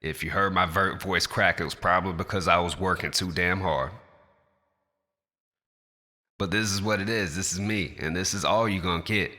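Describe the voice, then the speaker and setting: A man's voice: deep voice, steady tone, normal speed, sharp tone, in a large hall. A man who raps, speaking straight to camera in a passionate, blunt and profane rant in his natural everyday voice. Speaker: rapper.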